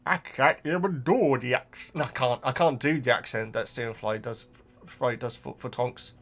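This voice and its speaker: A man's voice: mid-range voice, lively intonation, normal speed, fairly bright tone, soft background music. Rambling man chatting to viewers. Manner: rambling, stammering repeats, frequent asides. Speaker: book reaction host. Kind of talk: casual chat to viewers.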